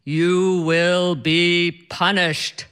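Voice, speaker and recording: A woman's voice: fairly low pitch, little pitch movement, very slow, fairly bright tone, clean tone. A woman voicing her charming, always-late husband in a told story, playful and smug. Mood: mock-ominous.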